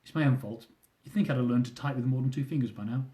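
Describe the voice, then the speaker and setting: A man reading his own comic travel memoir aloud, with animated delivery. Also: mid-range voice, quick pace. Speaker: author.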